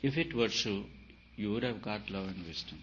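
A man giving a spiritual talk, emphatic and repetitive, his voice swelling and dropping in loudness. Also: lowish voice, lively intonation, moderate pace. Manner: emphatic, repeats phrases, rises and falls in loudness. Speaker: spiritual teacher. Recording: dull lo-fi recording with faint hiss.

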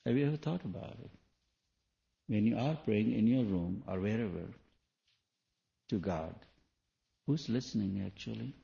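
Man, sermon, earnest questioning, mellow, dull lo-fi recording. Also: on the low side, normal speed, gravelly, pauses often. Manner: questioning, earnest, with shifts between soft and loud. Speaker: spiritual teacher.

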